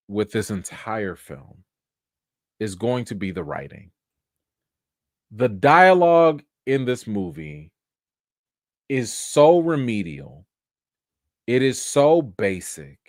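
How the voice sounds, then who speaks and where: A man's voice: mid-range voice, no room sound, studio quality. A man hosting a live stream film review, talking emphatically and directly to his viewers. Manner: animated, talks straight to viewers as "y'all"; emphatic, repeats points for effect.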